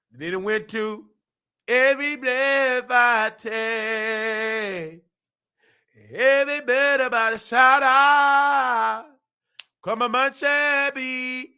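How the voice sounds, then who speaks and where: A man runs a casual commentary show. His voice sits high and sounds very bright. He talks in an animated, preachy way and slips into singing. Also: very slow, long pauses, clean tone. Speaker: host. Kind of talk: casual commentary with sung and recited lyrics.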